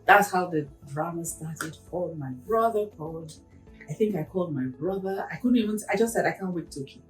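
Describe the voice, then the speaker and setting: Earnest woman recounting a loss, softly. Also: on the low side, fairly quick. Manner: earnest, reflective, with hushed moments. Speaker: interview guest, counsellor. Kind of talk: emotional personal storytelling. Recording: roomy, distant mic with music.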